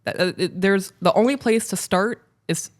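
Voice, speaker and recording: A woman co-hosting a relationship podcast, talking casually and earnestly, sometimes halting over words and laughing easily. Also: medium pitch. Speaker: podcast co-host. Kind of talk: casual podcast chat, reading listener letter.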